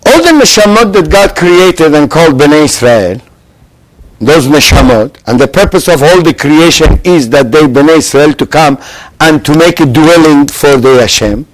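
A man teaching a Torah lesson to a live class. He quizzes his listeners with rhetorical questions and swings between loud emphasis and hushed asides. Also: on the high side, expressive, moderate pace, rough recording. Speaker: religious teacher.

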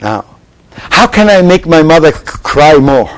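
A man teaching a Torah lesson to a live class. He quizzes his listeners with rhetorical questions and swings between loud emphasis and hushed asides. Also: fairly high pitch, very animated, unhurried, rough recording. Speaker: religious teacher.

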